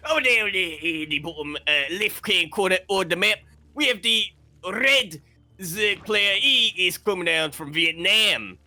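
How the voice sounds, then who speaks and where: A man doing a put-on voice of an over-the-top male tournament announcer, with a drawn-out showman delivery. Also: high-pitched, expressive, pushed and bright, pitched above the performer's own voice, exaggerated voice. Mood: hyped.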